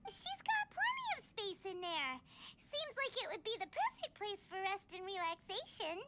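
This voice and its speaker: An actress voicing a tiny, excitable floating girl companion in a video game, talking in a chirpy way. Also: very high voice, normal speed, heavy background noise, exaggerated voice. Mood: musing.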